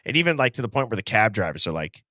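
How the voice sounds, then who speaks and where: A man's voice: lowish voice, big pitch swings, rapid-fire, bright, forceful tone, no echo, clean studio sound. A young man co-hosting a podcast in casual chat, talking hesitantly with many fillers and restarts. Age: young adult. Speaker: podcast co-host.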